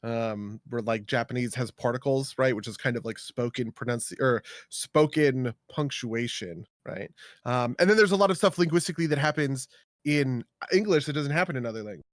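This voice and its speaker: A man's voice: medium pitch, normal speed, no echo, studio quality. A man co-hosting a casual podcast, rambling with many fillers and tagging his points with "right?". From United States. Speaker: podcast co-host. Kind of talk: casual chat.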